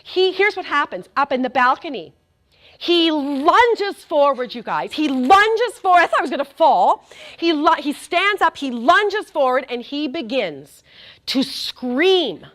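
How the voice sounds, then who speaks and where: Middle-aged woman giving a faith talk, high bright voice that jumps all over, super animated. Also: unhurried. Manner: animated storytelling, addresses the crowd directly. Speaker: speaker.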